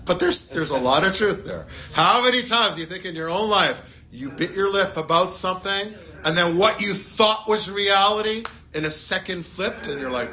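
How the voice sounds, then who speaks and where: A man teaching a Torah lesson in a lively way, full of rhetorical questions and playful asides. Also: high-pitched, moderate pace, few pauses. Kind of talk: animated classroom Torah lesson.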